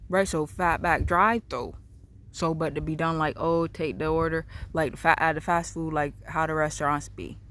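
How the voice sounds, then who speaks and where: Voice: medium pitch, a bit bright, slight background noise. A vlogger talking in a casual, rambling, repetitive monologue outdoors in a backyard. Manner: rambling, repetitive, free-associating.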